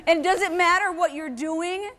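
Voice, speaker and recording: A woman giving a lively motivational talk to a live audience, telling stories and asking the crowd questions. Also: very high voice, slight background noise. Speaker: keynote speaker. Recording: long hall reverb.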